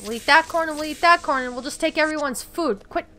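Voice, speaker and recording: A young woman hosting a let's-play, chatty and quick to swear and get upset at the game. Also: high voice, pushed and bright. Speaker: gaming channel host. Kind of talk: casual let's-play commentary.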